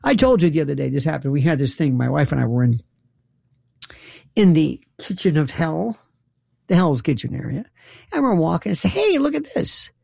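A man's voice: fairly high pitch, fairly quick, creaky, pauses often, mellow, breathy edge, no room sound, clean studio sound. A middle-aged man hosting a talk show, telling a comedic story in a sarcastic, incredulous way that rambles and restarts.

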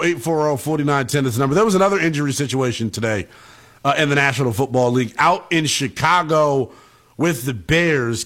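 A man hosting a sports talk show, giving blunt, impassioned commentary in a folksy way. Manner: animated, often loud and high. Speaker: sports radio host.

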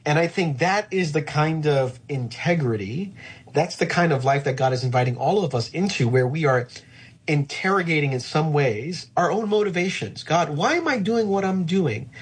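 A middle-aged male pastor talking through faith in an earnest, thoughtful way, slowing down to land his key points. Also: fairly high pitch, expressive, husky. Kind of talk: reflective faith conversation.

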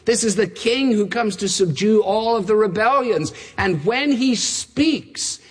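A man preaching a sermon, emphatic and building his points with repeated phrases, in a large church. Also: high voice. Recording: long reverb of a large hall.

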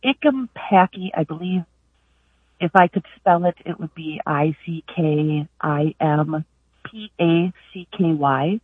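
A woman's voice: deep voice, takes it slowly, husky, no room sound. A woman calling in to a radio show, eagerly explaining a family word at length. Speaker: caller. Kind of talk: phone call to a radio show. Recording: tinny phone line.

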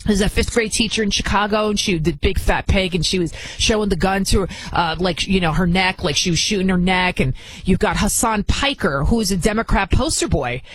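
An indignant woman host delivering heated opinion commentary. Her voice is husky, recorded close and dry, and she stumbles and repeats words as she builds steam. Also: medium pitch, a little fast, no echo, poor audio.

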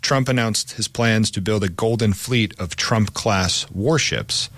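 Low-voiced male podcast co-host. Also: a little slow, a bit bright, no echo. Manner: reads scripted lines with casual asides. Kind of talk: semi-scripted history podcast.

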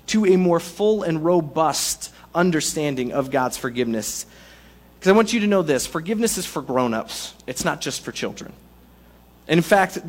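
Conversational male preacher, fairly high voice. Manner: conversational, animated preaching with playful asides. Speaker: pastor. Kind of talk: sermon.

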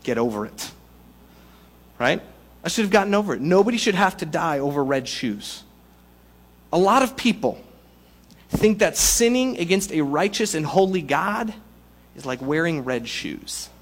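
A man delivering a sermon, his voice sitting a little higher than most men's. He preaches in a relaxed, conversational way and leans on humorous analogies to make his point. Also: normal speed. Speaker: pastor.

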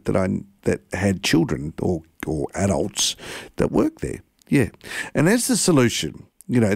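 A man's voice: on the low side, gravelly, no room sound, clean studio sound. A man with an Australian accent hosting a community radio talk show, stumbling over words and laughing at himself. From Tasmania, Australia. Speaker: radio host.

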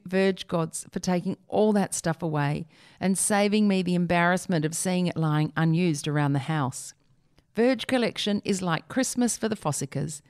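Woman, lowish voice, dry comic read-aloud, presenter type. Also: darkish tone, clean tone, dry recording. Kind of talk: read-aloud humorous essay.

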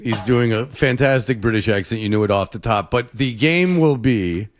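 A man's voice: mid-range voice, moderate pace, slight background noise. A man hosting a sports radio show, explaining the game in casual chat. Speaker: radio host.

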